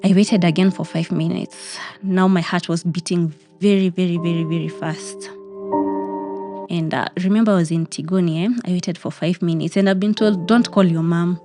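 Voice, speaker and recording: A woman's voice: lowish voice, fairly even intonation, moderate pace, mellow, soft background music. A young Kenyan woman telling a personal story of grief, emotional and repeating phrases. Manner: emotional, repeats phrases, mixes in Swahili words.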